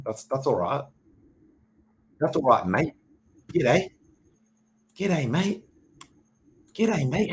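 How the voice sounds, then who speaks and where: A man's voice: fairly low pitch, slight background noise, poor audio. Profane Australian man rambling over charts. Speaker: crypto livestream host. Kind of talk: casual livestream chart commentary.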